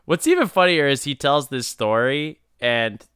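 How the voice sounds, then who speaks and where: Giggly man with a crisp, dry voice. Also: medium pitch, animated, moderate pace, fairly bright tone, dry recording. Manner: laughs often, rambling, loose. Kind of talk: casual comedic chat.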